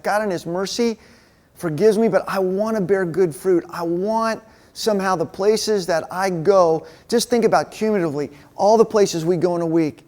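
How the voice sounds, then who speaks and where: A man's voice: high-pitched, a little mellow. A man giving a conversational talk to a men's group, telling personal stories and acting out the dialogue. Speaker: men's ministry speaker. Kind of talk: sermon told through personal stories.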